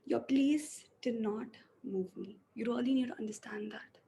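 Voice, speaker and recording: A woman's voice: a little high, moderate pace, vocal fry, warm tone, slight background noise. A woman playing haughty living force. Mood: cold, scornful. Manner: haughty, declaiming monologue. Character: unyielding personified force of life and truth, female.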